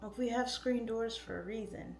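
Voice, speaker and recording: A woman's voice: a little high, normal speed, creaky, a little mellow, roomy sound. A woman in her thirties chatting casually on a livestream, reading comments aloud, goofy and easily distracted. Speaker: livestream host and real estate agent. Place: home.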